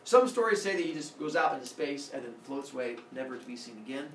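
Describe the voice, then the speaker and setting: A male teacher telling a myth to his class, playful and animated. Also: medium pitch, quick pace, slight background noise. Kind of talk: storytelling to a class. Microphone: far camera. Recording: echoey classroom, camera far off.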